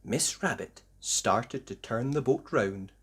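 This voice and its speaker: A man reading a children's picture book aloud, narrating slowly and expressively for young listeners. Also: medium pitch, husky. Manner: slow, expressive storytelling. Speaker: storybook reader.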